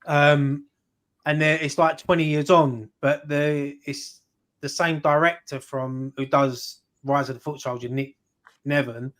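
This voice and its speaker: A man's voice: fairly high pitch, fairly even intonation, unhurried, a bit bright. A man telling rambling stories in a casual football chat with a co-host. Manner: rambling, anecdotal, swears casually. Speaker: fan channel co-host.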